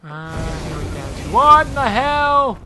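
A woman narrating her own gameplay, her bright, sharp voice swinging widely in pitch. She swears freely and yells at the enemies, then drops to muttering under her breath. The feel is a casual let's-play recorded at home. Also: sing-song, slow pace, slight background noise. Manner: swears constantly, loud frustrated outbursts at the game. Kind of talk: live gameplay commentary.

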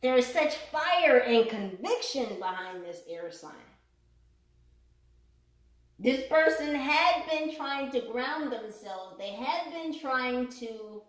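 A woman's voice: high voice, lively intonation, slow. A woman giving a casual tarot reading in a chatty, joking way, swearing freely and laughing often. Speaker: tarot reader. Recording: echoey room.

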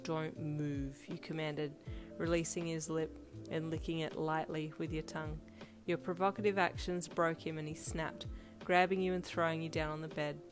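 A woman narrating a second-person fan fiction audiobook in a steady storytelling read. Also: deep voice, moderate pace. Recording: loud music bed under voice.

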